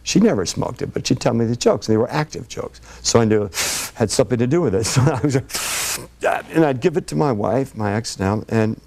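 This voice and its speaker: A man's voice: mid-range voice, lively intonation, brisk, vocal fry, hardly any pauses, a little mellow. A man telling rambling, laughing anecdotes as a guest on a TV talk show. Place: TV studio.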